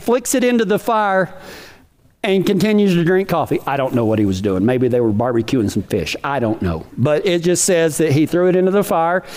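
High-voiced preacher man. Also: darkish tone. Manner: folksy, emphatic, rhetorical questions. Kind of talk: sermon.

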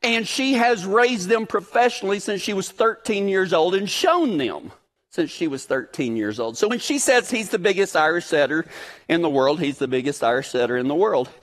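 A man preaching a sermon, telling a folksy, joking story in an animated way before turning to his point. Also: high-pitched, moderate pace. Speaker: pastor.

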